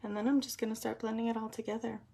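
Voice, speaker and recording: Lady chatting thru her makeup live, super gravelly husky voice, lots of ums. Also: fairly high pitch, little pitch movement, rapid-fire, dark tone. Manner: chatty, rambling, many ums, explains as she works. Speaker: makeup vlogger doing a live tutorial. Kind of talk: casual live makeup tutorial.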